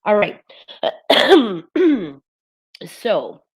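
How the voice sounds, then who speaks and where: Brief: husky woman medium, unhurried and chatty, reads viewer comments live. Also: mid-range voice, very animated. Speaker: spirit medium. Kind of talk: live-streamed spiritual talk.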